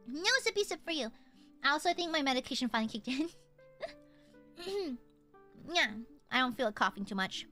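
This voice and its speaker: A woman's voice: sits high, animated, moderate pace, pauses often, bright, forceful tone, soft background music. A young woman streamer chatting casually and teasing her viewers in a playful, goofy way. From United States.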